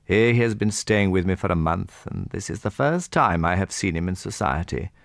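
A man's voice: low voice, lively intonation, normal speed, vocal fry, no room sound, clean studio sound. A man voicing a worldly older nobleman who speaks in a commanding, patronizing manner in an audiobook reading.

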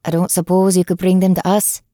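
A woman voicing a light, breathy female hunter with an Irish accent. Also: lowish voice, flat delivery, fairly quick, mellow, dry recording, studio quality, lightly acted. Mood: cheery.

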